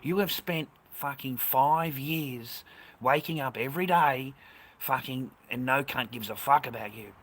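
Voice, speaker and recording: A man's voice: medium pitch, measured pace, fairly bright tone. A man in his fifties with an Australian accent, ranting bluntly and swearing a lot as he chats casually with viewers on a livestream. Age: 50s. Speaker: livestream host.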